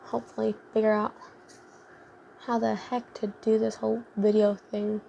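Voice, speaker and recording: Gravelly-voiced young woman rambling through a story. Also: on the high side, monotone, normal speed, dark tone, a little hiss or hum. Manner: rambling, full of fillers like "like" and "um". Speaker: vlogger. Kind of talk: casual storytime chat.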